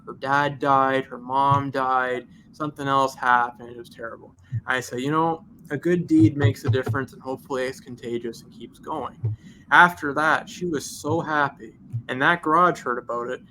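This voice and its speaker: A man's voice: fairly high pitch, slight background noise. A man, a detailing shop owner telling a long story on a podcast and acting out both sides of the dialogue. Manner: animated, acts out both sides of conversations.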